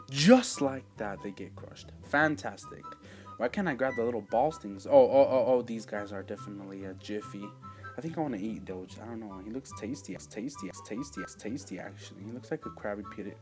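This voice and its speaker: Excitable rambling male gamer. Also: lowish voice. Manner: rambling, excitable, with sudden loud outbursts and quiet asides. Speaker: gaming channel host. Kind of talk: casual let's-play commentary.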